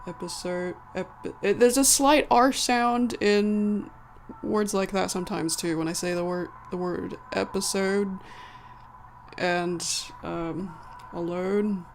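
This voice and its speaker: A woman's voice: mid-range voice, steady tone, a little slow, a little hiss or hum. A woman with a slight American country accent, chatting casually to a live-stream audience, rambling and correcting herself as she goes. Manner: rambling, self-correcting, chuckling. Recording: faint background music.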